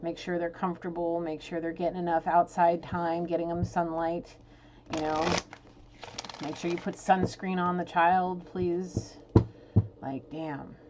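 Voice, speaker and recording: A woman's voice: lowish voice, flat delivery, a little slow. Emotional, blunt woman reading tarot. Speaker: tarot reader. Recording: dull lo-fi sound with clear noise.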